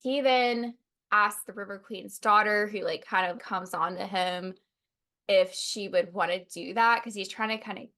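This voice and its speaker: A woman's voice: medium pitch, moderate pace, sharp tone. A woman co-hosting a podcast, casually recapping a novel with laid-back, wry asides. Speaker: podcast co-host.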